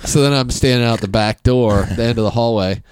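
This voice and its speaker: A man's voice: medium pitch, brisk, clear, resonant tone, dry recording. A comedian guest, a man telling stories in casual, profane chat, laughing often. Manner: animated, profane, laughing storyteller.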